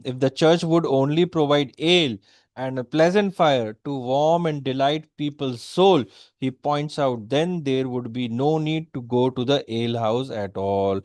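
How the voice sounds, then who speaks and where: A man's voice: medium pitch, darkish tone, dry recording, studio quality. A man with an Indian English accent giving a poetry lecture, mixing in Hindi and often checking in with "okay?". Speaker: literature teacher.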